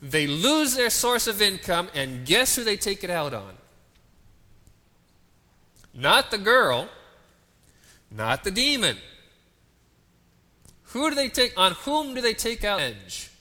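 A man's voice: sits high, sing-song, slow, long pauses, bright, forceful tone. A man preaching a sermon, dramatic and full of rhetorical questions to the congregation. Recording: long reverb of a large hall.

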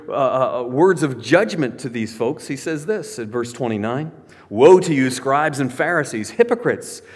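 A man preaching a sermon, reading scripture with rising intensity and dropping low and quiet for solemn points. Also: breathy edge, in a large hall. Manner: earnest, swells in pitch when reading scripture, drops low for solemn points.

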